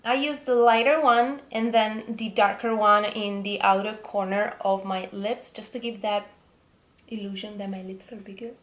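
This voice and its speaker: A woman's voice: mid-range voice, fairly even intonation, moderate pace, reverberant. A young woman with an Italian accent, chatting enthusiastically about makeup products in a casual beauty vlog, with frequent ums. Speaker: beauty vlogger.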